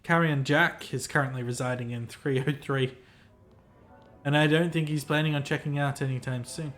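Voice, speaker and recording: In a game, a man voices a pompous, self-important male hotel clerk, reading the lines in a formal, fussy, theatrical way. His natural-sounding voice is on the high side and fairly bright, with fairly even intonation at normal speed. Faint music plays behind him.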